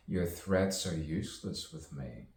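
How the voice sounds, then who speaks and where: A man's voice: deep voice, gravelly, a little mellow. A man delivering a rambling spoken-word soliloquy, musing to himself and repeating phrases. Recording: echoey, distant mic with faint ambience.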